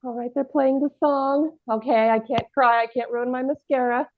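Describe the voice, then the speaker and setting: A woman's voice: sits high, fairly even intonation, moderate pace, no room sound, lightly acted. A woman improvising a giddy, vain young bride who gushes about everything being perfect, in a live improv scene over a video call. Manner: gushing, repeats "perfect" and "great". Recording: dry tinny phone-like line.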